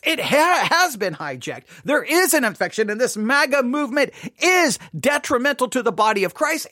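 A man with a notably high voice hosts his podcast, acting out a story with lots of drama before moving into impassioned commentary. His voice is recorded dry and close, with almost no room sound. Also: a bit bright, dry recording. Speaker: podcast host.

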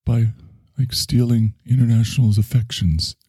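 A man voicing Ori, a blunt, grumbling scone-eating male character with a flat, accusing manner. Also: mid-range voice, normal speed, breathy edge, dry recording, clean studio sound, pitched above the performer's own voice.

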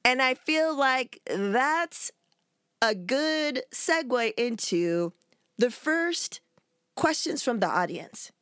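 Animated, slangy woman host. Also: high voice, slow pace, clean tone, no echo, clean studio sound. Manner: animated, slangy, laughs often. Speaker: podcast host. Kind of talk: casual chat.

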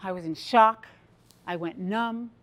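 A middle-aged woman giving a motivational stage talk, playful and animated, drawing the audience into participation. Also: mid-range voice, a little slow. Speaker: speaker. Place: stage before a live audience.

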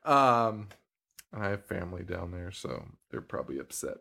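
A man's voice: low-pitched, creaky. A young man hosting a casual horror movie podcast, joking, swearing and laughing a lot. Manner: animated, laughing, swearing, quick jokes. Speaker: podcast host.

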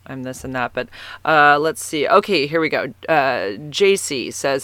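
A man in his fifties chats on his solo podcast in a bright, forceful voice that stays smooth and crisp. He gushes and rambles, with plenty of ums, and his pitch sits a little above the usual for a man. The sound is dry and close. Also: lively intonation, unhurried, no room sound. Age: 50s. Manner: gushing, rambling, lots of fillers. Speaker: podcast host. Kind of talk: casual solo podcast chat.

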